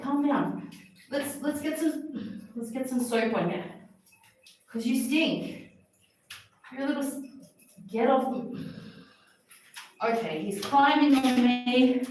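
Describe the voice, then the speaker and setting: A woman's voice: high-pitched, far from the mic, slight background noise. A woman on a livestream chatting and coaxing her cats through a wash in a small bathroom, breathless and exasperated. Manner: fussing and coaxing pets, exasperated. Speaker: vlogger washing her cats. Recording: very echoey bathroom, off-mic.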